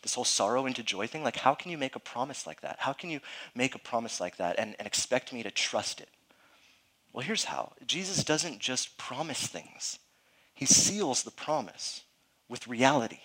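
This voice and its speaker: A man's voice: mid-range voice, expressive, normal speed, pushed and bright. A male pastor giving a conversational sermon, earnest and emphatic, often checking in with his listeners and talking informally. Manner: informal, frequent fillers and restarts.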